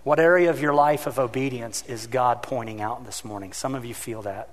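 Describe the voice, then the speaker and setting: A brisk, mid-range male voice carries a long reverb tail as this pastor preaches. Full of animation, he narrates stories and plays out their voices, including a reenactment of his own yelling.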